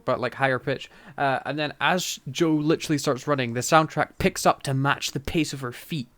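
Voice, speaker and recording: Laughing often and leaning on plenty of fillers, this male podcast co-host casually chats through a TV episode recap. He speaks at normal speed in a mid-range, fairly bright voice.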